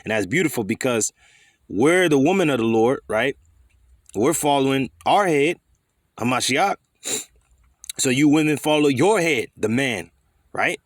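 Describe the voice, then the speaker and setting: A man's voice: mid-range voice, animated, a little slow, long pauses, dry recording, clean studio sound. A man teaching scripture in a fiery, scolding way, swearing freely and firing rhetorical questions. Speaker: preacher.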